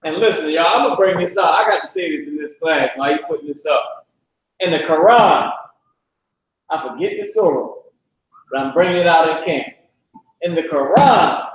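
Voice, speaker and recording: A man with a fairly high voice teaches a class in a loose, slangy way, blunt and profane and prone to side remarks. His voice rings around a hard classroom with strong echo. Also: moderate pace. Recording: very echoey room.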